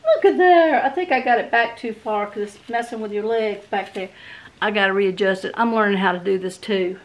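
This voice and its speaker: A woman's voice: mid-range voice, fairly even intonation, a little fast. A woman chatting casually on her home vlog in a folksy, rambling way. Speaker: vlogger. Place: rural home and yard.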